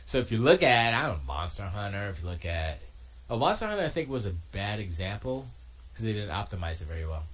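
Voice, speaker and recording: Streaming from his home studio, a man with a fairly low pitch talks fast, casually responding to his chat while joking and arguing with lots of animation.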